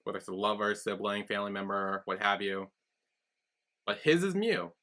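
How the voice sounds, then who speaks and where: A man co-hosts a casual recap podcast, his voice sitting a little low but bright and forward. He talks through the episode scene by scene and drops into the characters' lines as he goes. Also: big pitch swings, normal speed. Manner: retells scenes plot-style, quoting characters in a lowered voice. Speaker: podcast co-host.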